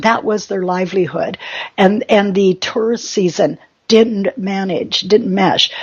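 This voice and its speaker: A woman's voice: mid-range voice, a little mellow, slightly rough, muffled recording. A woman hosting a spiritual talk show, chatting in a rambling, self-mocking and giggly way.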